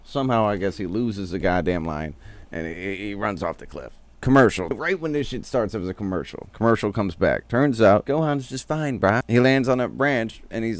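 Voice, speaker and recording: A man's voice: deep voice, dry recording. A man recapping an anime episode in casual, joking, profane slang.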